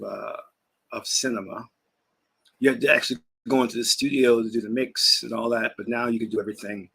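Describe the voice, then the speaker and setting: A man with a husky, slightly breathy voice that sits a little low. He hosts his own channel and chats in a loose, rambling way, breaking into laughs, with food in his mouth now and then. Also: a bit bright. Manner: rambling, chatty, laughs while talking. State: talking while eating. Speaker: spiritual teacher and channel host. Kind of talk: casual vlog chat.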